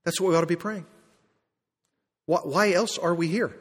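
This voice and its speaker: Male pastor, high voice, emphatic sermon delivery, long echo from a church hall. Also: normal speed, breathy edge. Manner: emphatic, rising to excited peaks then dropping quiet. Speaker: preacher.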